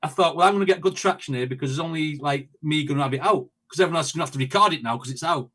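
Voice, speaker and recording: A man's voice: on the high side, rapid-fire, fairly bright tone. A man chatting as an interview guest, telling stories animatedly with quoted asides. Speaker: guest, reaction video creator. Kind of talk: casual interview chat.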